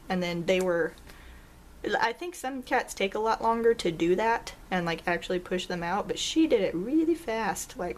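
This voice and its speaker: A young woman talks to her viewers in a loose, chatty vlog. She tells a story with animated swings in pitch and bursts of laughter. She jumps up high whenever she acts out a quote. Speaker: vlogger.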